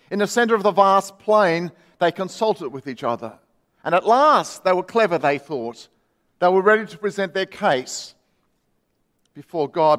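A man's voice: sits high, big-room sound. A man preaching a sermon as pastor, earnestly telling a story and reading quoted voices aloud.

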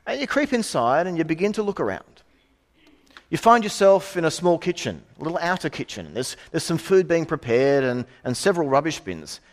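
Lively middle-aged preacher. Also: male voice, a little high, a little fast. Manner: conversational, with asides and rhetorical questions. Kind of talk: sermon.

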